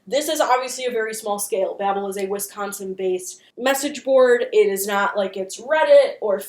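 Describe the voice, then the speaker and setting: A woman's voice: mid-range voice, moderate pace. Chatty woman in a roomy echo. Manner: chatty, joking, swears casually, lots of fillers. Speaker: channel host. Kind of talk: casual commentary recap.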